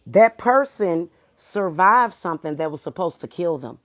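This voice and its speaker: Spiritual channel host, woman, preachy and profane, low-pitched, crickets in the background. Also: animated, measured pace, hardly any pauses, no room sound. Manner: blunt, profane and preachy, swinging from soft to loud. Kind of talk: heated monologue to viewers.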